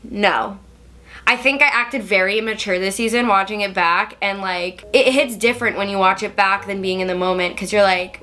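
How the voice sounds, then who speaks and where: A woman's voice: mid-range voice, steady tone, moderate pace, pushed and bright. A young woman chatting candidly as she reacts to scenes from her own show. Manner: candid, chatty, self-critical. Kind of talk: casual vlog commentary.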